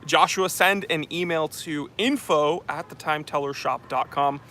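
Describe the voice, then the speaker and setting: Streamer host, male, fairly high voice, put-on posh English accent, rambling joker, phone on tripod outdoors. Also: measured pace, bright, forceful tone, slight background noise. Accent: affected posh English. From New Hampshire, US. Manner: joking, rambling, with frequent fillers. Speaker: channel host reading live chat. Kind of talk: casual livestream chat. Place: outdoors on a street. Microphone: phone on a handheld tripod.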